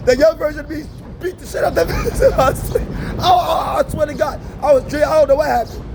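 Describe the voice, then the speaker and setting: A man's voice: extremely high pitch, fast, vocal fry, a crowd in the background. A man telling wild personal stories in a casual, profane, laughing manner, outdoors by a street. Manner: profane, laughing, animated storytelling. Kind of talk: casual storytelling. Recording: loud street traffic noise.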